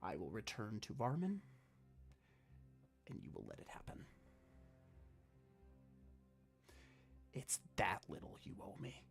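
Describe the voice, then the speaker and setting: A man voicing a bitter, vengeful female ghost warlock who swings from hushed whispers to snarls. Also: extremely low pitch, big pitch swings, normal speed, faint music behind, full character voice. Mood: menacing.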